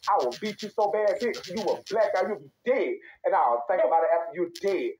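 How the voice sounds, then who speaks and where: A man's voice: high voice, expressive, brisk, few pauses, darkish tone, soft background music, poor audio. A young man, ranting heatedly on a live stream, profane, repetitive and emphatic.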